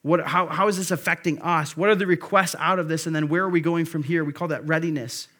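A man's voice: fairly high pitch, steady tone, fast, fairly bright tone. Earnest male pastor preaching. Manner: earnest, exhorting, rises for emphasis. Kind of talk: sermon.

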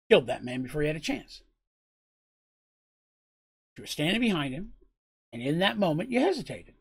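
A man's voice: a little high, slightly rough, heavily acted. A man voicing a blunt, serious male warrior mentor who lectures frankly.

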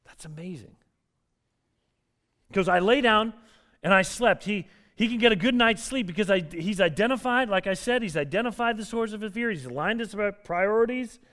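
A man preaching a sermon in an earnest, emphatic way, building up in intensity and then dropping low. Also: fairly quick, fairly bright tone. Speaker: pastor.

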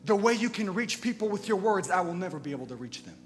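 Brief: male preacher, chatty sermon with faint music underneath, quiet confiding asides that build into big emphatic punches. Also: sits high, very animated, quick pace. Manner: conversational, swinging from quiet asides to loud emphatic bursts. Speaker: pastor. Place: church sanctuary. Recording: long church reverb with faint music.

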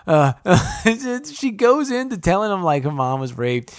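A man's voice: sits high, big pitch swings, unhurried, hardly any pauses, clear, resonant tone, no echo, clean studio sound. A young man chatting casually as a podcast co-host, rambling, swearing, and laughing as he reviews a movie. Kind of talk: casual chat.

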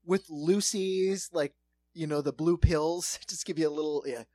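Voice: medium pitch, fairly even intonation, a little slow, mellow, no echo. A podcast co-host in casual comedic banter who laughs a lot and acts out little scenes with quoted voices.

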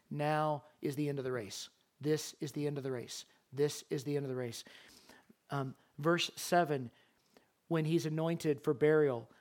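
A high-voiced man delivering a sermon, reading scripture aloud verse by verse. He explains each passage in an emphatic way and often repeats short phrases to drive a point home. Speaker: preacher.

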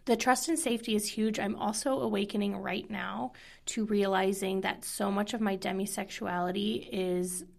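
A woman's voice: mid-range voice, steady tone, normal speed, gravelly, a little mellow. A woman in candid conversation, talking earnestly and emotionally, sometimes dropping to a whisper.

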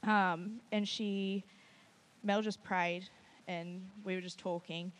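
A woman giving a personal testimony to a church group, telling her story in an animated way and often quoting herself. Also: mid-range voice, slow. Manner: nervous and laughing at times. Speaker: testimony speaker at a church gathering.

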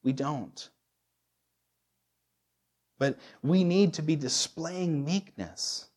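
A man's voice: on the high side, very slow, a little mellow. A man in his thirties preaching a sermon as a pastor, candid and self-deprecating, often restarting his sentences. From United States.

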